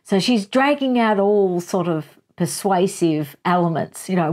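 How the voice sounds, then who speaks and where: A woman hosting a casual book chat channel, with a voice set a little low. She retells chapters in a chatty storytelling way. Asides and soft laughs break up her story. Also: measured pace.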